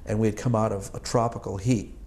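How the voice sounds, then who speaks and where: A man's voice: fairly low pitch, fairly even intonation, fast talker, darkish tone, slight background noise. A man in his sixties from Boston, an Army veteran recalling his service in an oral history interview, rambling and chuckling with many fillers and restarts. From Boston, United States.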